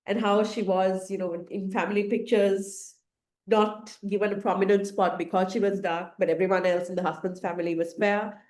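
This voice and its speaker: A woman's voice: medium pitch, little pitch movement, moderate pace, darkish tone. Earnest woman in a roomy echo. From Sri Lanka. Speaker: podcast co-host. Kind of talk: casual conversation.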